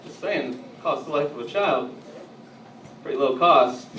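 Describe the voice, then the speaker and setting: A man doing a stand-up comedy routine on a club stage, telling edgy jokes and bantering with the crowd, at times getting loud. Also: medium pitch, measured pace. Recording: echoey, distant, noisy live room.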